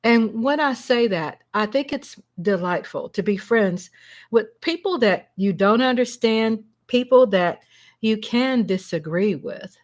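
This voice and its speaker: A woman hosting a casual livestream from home, chatty and excitable, breaking into shouts and laughter. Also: a little high, unhurried. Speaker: livestream host.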